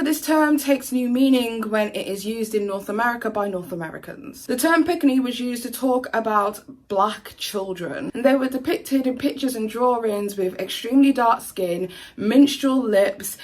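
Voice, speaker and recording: A British woman delivering scripted commentary in a firm, explanatory way. Her voice sits a little high, and she leans hard on key words as she makes her case. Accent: British English. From England. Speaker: commentary YouTuber.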